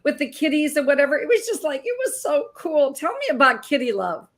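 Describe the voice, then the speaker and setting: A woman in her sixties with a fairly high voice hosts an interview show. She asks questions with enthusiasm, circling and rambling as she goes. She works as a health coach. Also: sing-song, a little fast. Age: 60s. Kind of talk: interview hosting.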